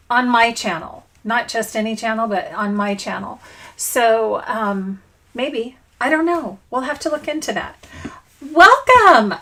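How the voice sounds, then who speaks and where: A woman's voice: sits high, fairly bright tone. A middle-aged woman hosting a casual scrapbooking livestream from her home craft room, bubbly and chatty as she greets viewers by name.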